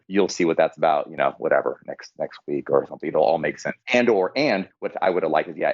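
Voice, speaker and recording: A man's voice: extremely low pitch, fast, hardly any pauses, muffled recording. A man on a podcast panel, talking casually in a rambling, laid-back way with slang.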